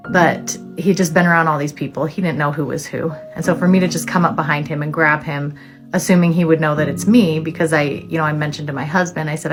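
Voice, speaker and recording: Mom vlogger, low voice, candid and thoughtful, soft music underneath. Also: female voice. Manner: candid and reflective, with frequent "um"s. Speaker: mother of deaf children. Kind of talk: casual storytelling vlog.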